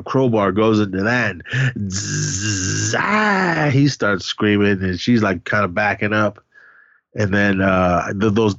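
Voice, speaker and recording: A man's voice: lowish voice, dry recording, muffled recording. A man casually retelling a horror film's plot, rambling with lots of fillers. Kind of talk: casual film recap.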